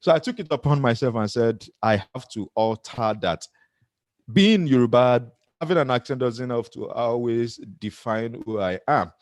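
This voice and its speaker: A middle-aged Nigerian-accented man delivering an earnest motivational talk, breaking into self-mocking laughter along the way. His voice sits at an ordinary male pitch and is recorded close and dry. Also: expressive, moderate pace, no echo. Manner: earnest, laughs often at himself. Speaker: motivational speaker.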